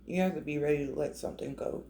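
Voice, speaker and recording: A man's voice: on the high side, fairly even intonation, fast, dark tone, a little hiss or hum. A man giving a casual, emotional tarot reading, talking conversationally with many restarts. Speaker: tarot reader.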